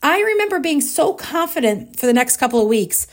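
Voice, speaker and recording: A woman hosting a solo podcast, telling a personal story in a chatty, animated way full of fillers. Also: high voice, brisk. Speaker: podcast host.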